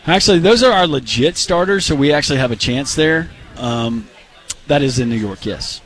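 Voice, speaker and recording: Animated, joking male radio co-host. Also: fairly high pitch. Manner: joking, animated, quick to laugh. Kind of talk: casual on-air banter.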